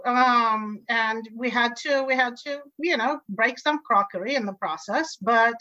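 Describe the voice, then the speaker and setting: A middle-aged woman telling her career story in a lively, enthusiastic way during a conversational interview. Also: a little high, a little slow, dry recording. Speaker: interview guest, energy executive. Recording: dull lo-fi recording.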